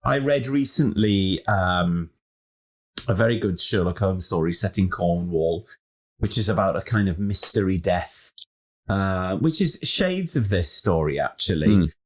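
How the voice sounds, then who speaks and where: A man's voice: deep voice, a little slow. A man co-hosting a podcast, chatting casually and jokily about a film, retelling its scenes. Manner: chatty, jokey, animated retelling. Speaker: podcast co-host. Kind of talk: casual film review chat.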